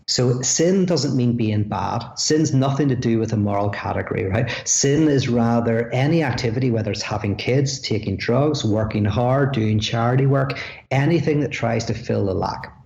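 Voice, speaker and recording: Irish man, podcast guest, gravelly voice, animated explainer, echoey room. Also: lowish voice. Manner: animated, explaining ideas with quick asides and chuckles. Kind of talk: podcast conversation. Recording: echoey room, dull lo-fi sound.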